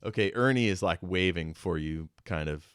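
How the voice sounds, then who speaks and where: A man running a tabletop game with a low, easygoing voice. The sound is dry and close, and he narrates casually with plenty of fillers. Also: moderate pace, a bit bright, smooth, dry recording. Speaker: game master.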